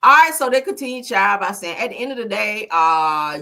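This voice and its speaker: Sassy lady doing celeb gossip, reads posts out, super animated, goes up and down a lot. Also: mid-range voice, a little fast, creaky. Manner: sassy, animated, drops asides like "child" and "girl". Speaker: commentary channel host. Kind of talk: casual gossip commentary, reading posts aloud. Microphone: streaming desk mic.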